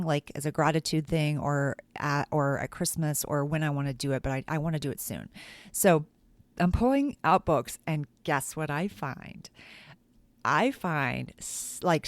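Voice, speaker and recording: A woman, a teacher hosting a podcast, telling animated stories from school in a chatty way, full of "like" and acted-out quotes. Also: low-pitched, no echo. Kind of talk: casual podcast storytelling.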